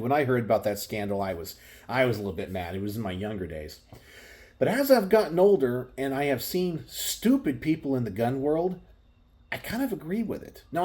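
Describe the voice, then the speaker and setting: A man's voice: mid-range voice, warm tone. A man hosting a gun channel, talking casually to camera from his home garage in an exasperated, ranting manner. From Texas.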